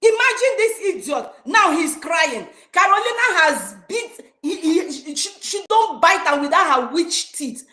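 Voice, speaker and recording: A woman's voice: extremely high pitch, animated, a little slow, few pauses, pushed and bright. A woman in a heated political rant, scornful and mocking. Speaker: online group speaker. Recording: roomy echoey online audio.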